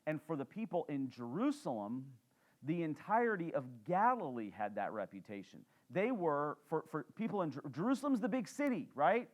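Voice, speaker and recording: A man's voice: fairly high pitch, sing-song, normal speed. A man, a pastor teaching a sermon in church in a conversational way, with fillers and questions to the congregation.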